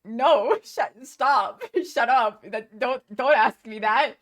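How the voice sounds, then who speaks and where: A woman's voice: on the high side, slow, pitched above the performer's own voice. A woman voicing a flustered young male robot who keeps begging to be left alone, breaking into laughter. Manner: exasperated, pleading to be left alone.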